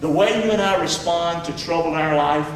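High-voiced preacher in an echoey hall. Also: male voice, brisk, recorded from a distance, a little hiss or hum. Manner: folksy, emphatic, calls for amens. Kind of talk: sermon. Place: church.

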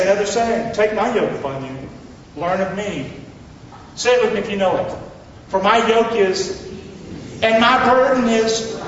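A male pastor preaching a blunt, rousing sermon that swings from loud calls to hushed lines. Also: a little high, slight background noise. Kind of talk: fiery sermon. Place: large church hall. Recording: echoey hall, distant mic, dull sound.

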